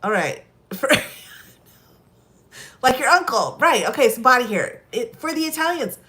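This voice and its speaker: A woman's voice: sits high, big pitch swings, normal speed, bright, forceful tone. A woman chatting casually on a live stream, telling stories and laughing often. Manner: giggly, chatty, lots of laughter.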